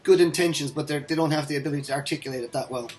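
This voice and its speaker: An Irish man hosting a casual podcast chat, excitable and chatty, quick to laugh and rant. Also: fairly high pitch, soft background music. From Ireland. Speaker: podcast host.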